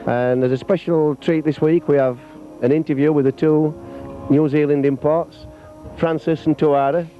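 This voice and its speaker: A man's voice: fairly high pitch, steady tone, moderate pace, soft background music. A man interviewing players in a casual way, chatty and often agreeing with "yeah". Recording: muffled lo-fi outdoor video.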